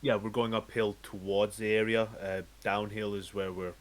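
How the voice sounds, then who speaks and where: Brief: low-voiced, chummy male tabletop player, faint hiss behind. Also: flat delivery. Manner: eager, chummy, quick to agree. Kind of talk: tabletop game chat.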